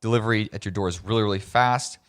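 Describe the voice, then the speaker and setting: A man's voice: on the low side, fast, a bit bright, clear, resonant tone. A man with a light Southern American accent, a podcast co-host reading an ad and chatting casually. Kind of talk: casual chat and ad read.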